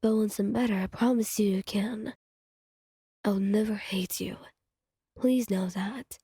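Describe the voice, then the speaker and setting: A woman voicing a withdrawn, quiet young swordsman in a whispered role-play, speaking softly and reservedly. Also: mid-range voice, steady tone, unhurried, slightly rough, dry recording, studio quality. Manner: soft, hushed, reserved.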